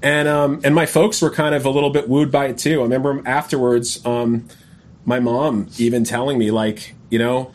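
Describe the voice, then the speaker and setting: A man's voice: medium pitch, steady tone, normal speed. Laid-back man telling a long story. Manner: rambling, says "man" and "you know" often. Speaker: guest. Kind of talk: casual podcast storytelling.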